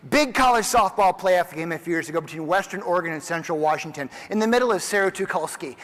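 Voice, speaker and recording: A man in his forties delivers a motivational keynote through a stage microphone. He tells stories with animated energy in a notably high voice. A long reverb from the large conference hall trails his words. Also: quick pace. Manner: animated storyteller who acts out quoted dialogue. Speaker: keynote speaker.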